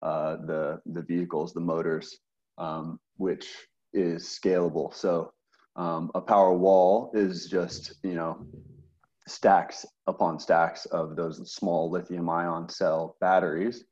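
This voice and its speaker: Deep-voiced, halting male guest. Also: flat delivery, a little mellow, highs cut off. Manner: hesitant, repeats words, many fillers. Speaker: interview guest, service manager. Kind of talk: casual interview.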